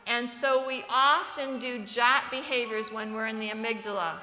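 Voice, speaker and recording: Woman preaching in church, bright voice, lots of questions to the crowd, echoey hall. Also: on the high side, normal speed. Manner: asks the audience questions. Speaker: church speaker. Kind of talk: sermon.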